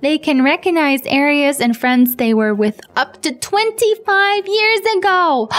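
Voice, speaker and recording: A woman's voice: sits high, measured pace, hardly any pauses. A woman whose first language is Dutch, playing a guessing game on camera and cheering at her answers. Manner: excitable, gasping and cheering, talks to the screen. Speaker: gaming YouTuber.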